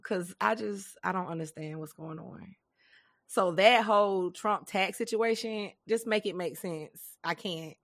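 A woman co-hosting a podcast in casual chat, animated and dramatic, often laughing. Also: medium pitch, measured pace, no echo, clean studio sound. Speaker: podcast co-host.

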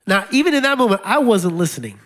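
A man's voice: high voice, big pitch swings, fast talker, a bit bright. A male pastor preaching a sermon in a conversational way, with wry laughs and repeated key lines.

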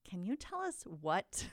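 A woman's voice: medium pitch, big pitch swings, slow pace, no room sound, studio quality. A woman hosting a podcast, guiding the casual conversation and introducing topics. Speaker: podcast host.

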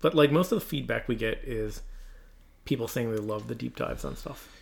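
A man's voice: medium pitch, moderate pace, creaky. A man, co-hosting a podcast in chatty, casual talk and laughing easily. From Newfoundland, Canada. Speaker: podcast co-host. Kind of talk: casual chat.

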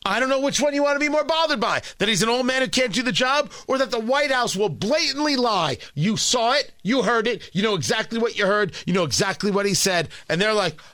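Man, sarcastic political monologue, high lively voice, bright, dry close sound. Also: brisk, hardly any pauses, no echo. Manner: sarcastic, indignant, mocking voices. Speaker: political commentator. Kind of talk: opinion monologue.

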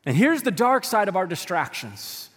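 High-voiced pastor preaching in a reverberant hall. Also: male voice, moderate pace, breathy edge. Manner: humorous, animated storytelling. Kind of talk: sermon. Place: church sanctuary. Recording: long church-hall reverb.

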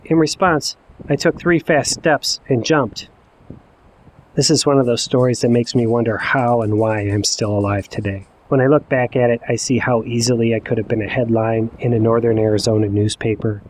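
A man in his forties telling a personal story in the first person, with wry, self-mocking, deadpan asides. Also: mid-range voice, moderate pace, a little hiss or hum. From Ohio. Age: 40s. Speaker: narrator.

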